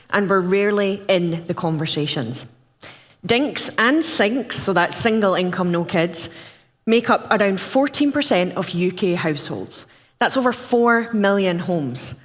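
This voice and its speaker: Woman, Scottish accent, conference speaker, candid, measured, mid pitch, hall reverb. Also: lively intonation. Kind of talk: prepared conference talk.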